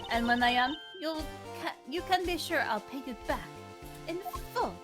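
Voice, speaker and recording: Haughty fan-dub prosecutor, high and swooping, slow threats over game music by a woman. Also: lively intonation. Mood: vengeful. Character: proud young female prosecutor, vengeful and haughty.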